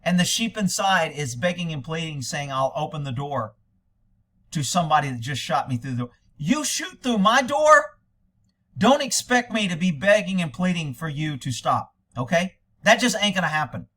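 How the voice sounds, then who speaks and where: A man's voice: fairly high pitch, expressive, fairly quick, hardly any pauses, fairly bright tone. An American man giving angry, indignant commentary over police video, ranting at length.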